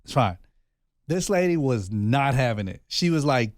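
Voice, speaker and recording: A podcast co-host tells a story in casual conversation, animatedly acting out the people in it and performing their quotes. His voice is medium-pitched at a normal speed, recorded dry with a clean studio sound.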